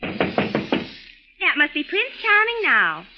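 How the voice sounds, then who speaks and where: Brief: a very high, sing-song naive princess, overdone innocence, muffled old radio sound, loud music bed. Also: female voice, wildly swooping pitch, drawn-out words, full character voice. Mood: melodramatic. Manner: melodramatic, mock-innocent. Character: sweet, naive young princess. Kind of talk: 1940s radio comedy acting.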